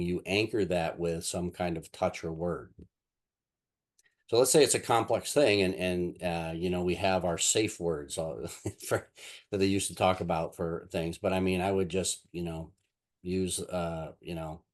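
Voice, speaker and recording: A man with a very low voice talks through a casual lesson, drifting between examples and stories. He rambles, stacks fillers and restarts his sentences as he goes. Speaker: NLP instructor. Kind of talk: casual teaching talk with anecdotes.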